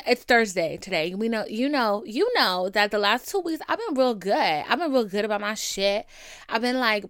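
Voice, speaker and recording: A young woman hosting her own podcast, venting and telling stories in a candid, profane, animated way. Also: medium pitch, smooth, dry recording, clean studio sound. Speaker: podcast host. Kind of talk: casual solo podcast venting.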